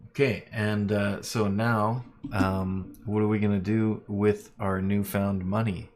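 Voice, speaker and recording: A man's voice: lowish voice, little pitch movement, takes it slowly, few pauses, a little mellow. A man running a tabletop role-playing game on a live stream, narrating loosely with plenty of fillers. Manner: loose, lots of fillers, laughs easily. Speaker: game master.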